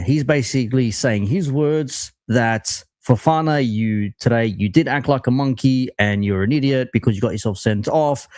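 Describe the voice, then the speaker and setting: A man co-hosting a live football stream, calmly explaining and framing a clip for viewers. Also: mid-range voice, no room sound. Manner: measured, explanatory. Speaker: co-host commentator.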